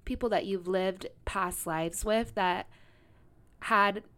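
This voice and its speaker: A woman with a smooth, clear voice at a middle pitch, talking casually as a podcast host. She muses in loose, trailing phrases. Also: steady tone, slow pace, fairly bright tone.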